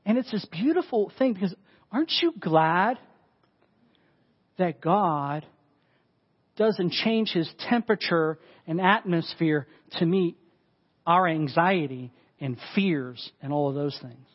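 High-voiced man preaching a sermon. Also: animated, takes it slowly, long pauses, lo-fi sound. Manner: conversational and emphatic, with frequent "like". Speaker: pastor.

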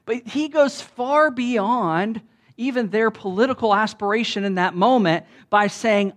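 A man preaching a sermon in a conversational way, with restarts, often rising loud when he quotes. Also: sits high, unhurried. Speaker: pastor.

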